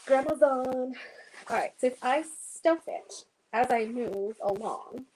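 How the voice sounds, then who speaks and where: A woman's voice: fairly high pitch, expressive, unhurried, a little mellow, a little hiss or hum, rough recording. A woman hosting a casual sewing livestream, thinking aloud and chatting to her viewers as she works.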